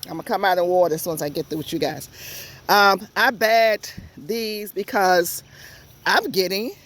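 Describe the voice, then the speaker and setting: Talking directly to her viewers at a normal speed, a woman gives a folksy, casual tour of her garden outdoors. A home gardener vlogger from Georgia, USA, she has a Southern US accent and a medium-pitched voice that's a bit bright.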